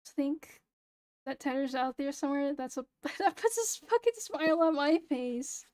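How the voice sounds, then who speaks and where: A young woman streaming casually, talking in a flat, low-energy, near-monotone way, with a hoarse voice and a sound like she is close to crying. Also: normal speed. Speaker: VTuber streamer. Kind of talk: casual late-night stream chat.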